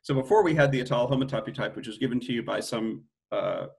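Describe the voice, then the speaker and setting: A man's voice: mid-range voice, lively intonation, quick pace, vocal fry, darkish tone. A middle-aged man giving an academic mathematics lecture, thinking aloud with frequent restarts and self-corrections.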